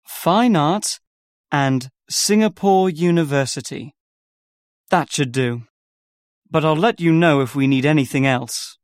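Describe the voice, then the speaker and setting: Slow, careful man in a dry recording. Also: on the high side, no echo. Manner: repeats details back slowly and carefully. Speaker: workshop organizer. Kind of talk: scripted listening-test dialogue.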